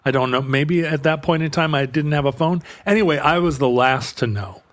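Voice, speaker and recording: A man co-hosting a podcast, telling a long rambling work story in casual chat, jumping high when he quotes people. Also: fairly quick. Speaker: podcast co-host.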